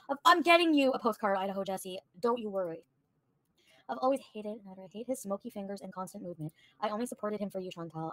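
A woman livestreaming, bluntly and profanely venting to her chat. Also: on the high side. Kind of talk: casual livestream rant to chat.

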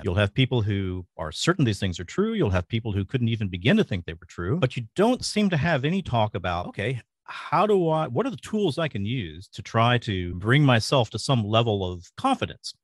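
A middle-aged man from rural Louisiana with a mostly neutral American accent and a faint Louisiana trace, talking fast and thoughtfully as a podcast guest. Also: medium pitch, big pitch swings, no room sound, studio quality. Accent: mostly neutral American, slight Louisiana. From rural Louisiana, USA. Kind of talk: casual interview.

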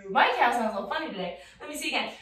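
Young female kids-yoga teacher, bright sing-song delivery, boomy room sound, mic at a distance. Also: animated, very fast, very echoey. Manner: playful, sing-song, encouraging. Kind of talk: guiding a children's yoga class.

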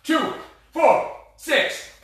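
A man's voice: drawn-out words, a bit bright. A man coaching a live cardio boxing class, out of breath and barking short, blunt commands and counts. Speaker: fitness instructor. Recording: echoey room, voice far from mic.

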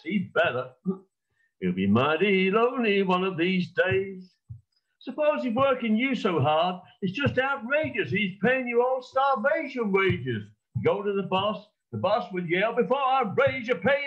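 Male performer, put-on American accent, sardonic talking blues, pitch swings wide, lo-fi call audio. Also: a bit bright. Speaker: folk club performer. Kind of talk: rhythmic talking blues recitation. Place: home during online session.

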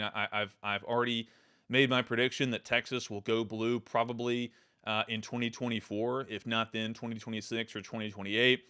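A man's voice: mid-range voice, a bit bright. A man hosting his own show, talking through political commentary in an emphatic, loose way, often restarting and repeating words. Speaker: podcast host.

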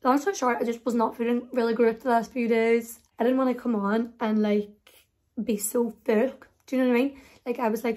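Young woman, quick chatty talk, fairly high voice, hushed vlog at home. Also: level tone. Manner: chatty, hushed, frequent "like" and "wee". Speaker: vlogger. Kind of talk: casual chat to camera. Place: home bedroom, getting ready.

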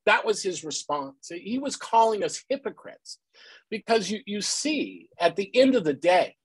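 Husky-voiced man giving an earnest talk. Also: fairly high pitch, a bit bright, no echo, rough recording. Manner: earnest, peppered with "uh" and "right?". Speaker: panel speaker on extremism. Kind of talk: public talk. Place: based in the Pacific Northwest.

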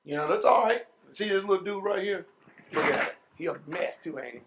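A pastor with a high voice for a man preaches to his congregation. He stretches words slowly, then breaks into loud shouts before dropping low and quiet. His talk is folksy, full of "man" and "y'all.". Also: lively intonation. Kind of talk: sermon.

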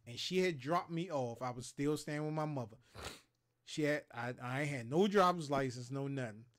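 A man's voice: mid-range voice, normal speed. Guy from maryland telling wild stories on his show, cussing, doing all the voices. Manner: animated, profane, acts out quotes and sound effects. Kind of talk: casual storytelling chat.

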